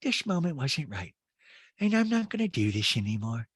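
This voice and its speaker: A man doing a high, wavering impression of a tearful, dramatic middle-aged woman from a reality show. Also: big pitch swings, normal speed, husky, no room sound. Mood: emotional pleading. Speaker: podcast host doing an impression.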